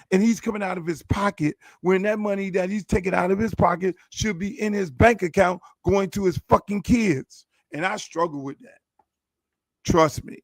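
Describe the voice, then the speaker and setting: A man's voice: high-pitched, no room sound, studio quality. A man who is a show host and football coach, venting in a heated, profane, repetitive rant. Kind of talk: casual ranting monologue.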